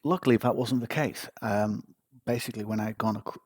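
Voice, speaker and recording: A man's voice: lowish voice, fairly quick, no room sound. A man hosting a podcast, telling a personal story in a casual, wry, self-mocking way. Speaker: podcast host.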